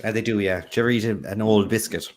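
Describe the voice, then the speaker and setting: A man's voice: on the low side, steady tone. Cork man hosting a quiz stream. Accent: Irish, Cork. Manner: quick, jokey, reads out viewer comments. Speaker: quiz host. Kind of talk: casual livestream chat.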